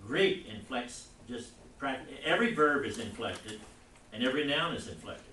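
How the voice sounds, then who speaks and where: A man teaching a Bible class, lecturing in a rambling, halting way and putting questions to the class. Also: mid-range voice, animated, bright, forceful tone, slight background noise. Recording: echoey classroom recorded from far off.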